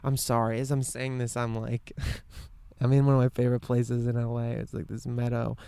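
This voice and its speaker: A man hosting a podcast, rambling earnestly to himself in a quiet outdoor meadow, with lots of "like" and frequent swearing. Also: medium pitch, completely flat delivery, normal speed, vocal fry, clear, resonant tone, no room sound. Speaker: podcast host. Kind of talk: casual reflective monologue.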